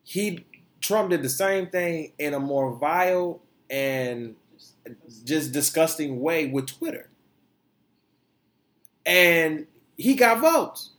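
A podcast host, a man, holds forth in casual opinion chat. His voice sits a bit high for a man, and he swings into emphatic, profane outbursts as he makes his points. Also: slow pace, long pauses. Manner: animated, profane, emphatic ranting.

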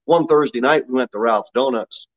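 A man preaching a sermon as pastor, telling a story and pressing his point with sudden jumps in pitch. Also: normal speed, lo-fi sound. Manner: animated, preaching with sharp rises in pitch. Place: church sanctuary.

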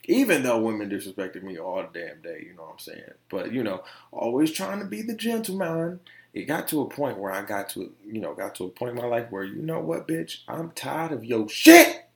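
Man, podcast host, casual storytelling, profane, animated, roomy echoey sound. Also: lowish voice, a little fast. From Detroit, USA. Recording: roomy echo.

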